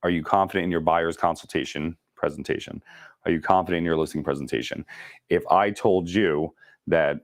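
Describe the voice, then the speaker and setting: A deep-voiced man leads a casual sales training session and talks fast. He jokes and keeps it chatty. His voice sounds dry and close, with little room echo. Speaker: real estate sales trainer.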